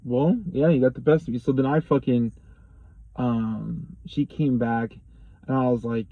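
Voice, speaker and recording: A young man casually telling a personal story to the camera, profane and rambling, getting animated when he quotes people. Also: medium pitch, a little slow, no room sound, phone-quality sound. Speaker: vlogger.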